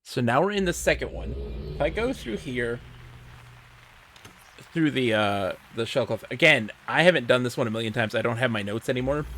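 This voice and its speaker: A man's voice: medium pitch, animated, normal speed, fairly bright tone, a little hiss or hum. A man commenting live on his gameplay, thinking aloud and chatting with a fellow player. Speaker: game streamer.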